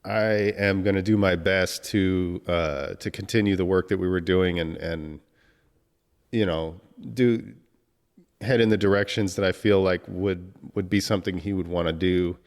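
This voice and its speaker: A man hosting a podcast, speaking emotionally in a halting tribute monologue, swearing often and breaking off to collect himself. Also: low-pitched, steady tone, long reverb tail. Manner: halting, many restarts and fillers, heavy swearing. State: emotional, choked up. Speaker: podcast host.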